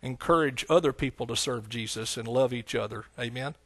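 A man's voice: mid-range voice, a little fast, a bit bright, dry recording. A man preaching a sermon to his congregation, folksy and conversational, building up to emphatic passages. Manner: folksy, rising to emphatic preaching with scripture quotes. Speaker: pastor. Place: church sanctuary.

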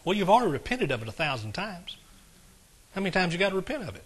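A man with a drawl delivers a sermon in a folksy, conversational way, often turning to his congregation with quick asides. His voice is bright and sits slightly high. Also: sing-song, breathy edge. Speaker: pastor.

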